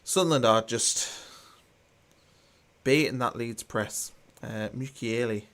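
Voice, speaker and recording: A man's voice: mid-range voice, takes it slowly, a bit bright. Chatty man. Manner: chatty, reads viewer comments aloud, mildly sarcastic. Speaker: watchalong host. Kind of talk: live football watchalong commentary.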